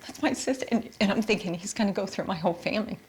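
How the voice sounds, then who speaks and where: A middle-aged woman from Canada giving a halting interview testimony, repeating words and quoting her own thoughts. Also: mid-range voice, slightly rough. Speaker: interviewee recounting her experience.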